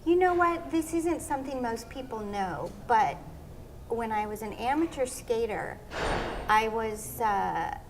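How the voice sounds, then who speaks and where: Lively high-voiced woman telling stories. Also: slight background noise. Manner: animated storyteller, acts out quotes. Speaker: interview guest, former pro skater. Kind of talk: casual storytelling interview.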